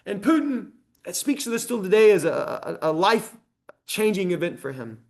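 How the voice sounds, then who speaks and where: A man giving a public library history lecture, talking in a conversational, animated way with frequent ums. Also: high voice, moderate pace.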